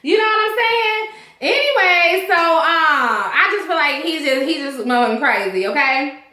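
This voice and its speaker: Young woman vlogging a tv recap, high bright voice, cussing and acting stuff out, echoey room. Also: moderate pace. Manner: animated, profane, acts out characters' lines. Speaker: TV show reviewer. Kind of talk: casual vlog recap.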